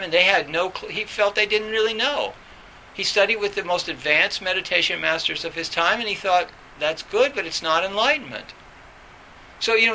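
A man's voice: sits high, pushed and bright, a little hiss or hum, low-quality recording. A man giving a Zen dharma talk in a rambling way, with many fillers and restarts. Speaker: Zen teacher.

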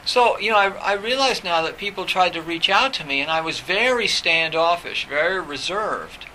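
A man's voice: high-pitched, lively intonation, normal speed, pushed and bright, a little hiss or hum, rough recording. A middle-aged man, a professor, candidly recalling his own past in a reflective, conversational way. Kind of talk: personal recollection in conversation.

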